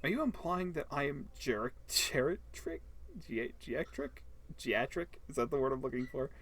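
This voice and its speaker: A man at an ordinary middle pitch, chatting casually and joking as he plays through a story game. He is quick to talk back to what happens on screen in a light, jokey way. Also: a bit bright. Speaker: gameplay host. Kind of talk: casual gameplay commentary.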